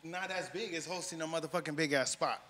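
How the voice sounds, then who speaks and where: A man with a fairly high voice speaks quickly in laid-back slang during a casual podcast chat. His voice trails off with a long reverb tail, as if in a large room. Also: sharp tone.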